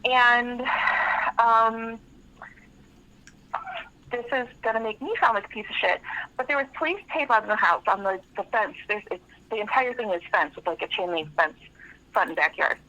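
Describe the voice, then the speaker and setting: A woman's voice: fairly high pitch, moderate pace, pauses often, bright, forceful tone. A woman calling in to a radio show, telling a story in a rambling, frank way with lots of fillers. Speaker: caller. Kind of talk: telling a story on a phone call. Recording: tinny phone line.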